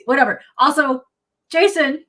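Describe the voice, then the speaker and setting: A woman hosting a casual live podcast chat, excitable and quick to laugh, reacting to viewer comments. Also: sits high. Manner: excitable, laughs often, reads chat aloud. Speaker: podcast host.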